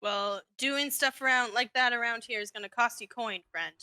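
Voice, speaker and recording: Guarded tired bartender, woman GM doing him, curt, bright tone. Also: on the high side, moderate pace, smooth, dry recording.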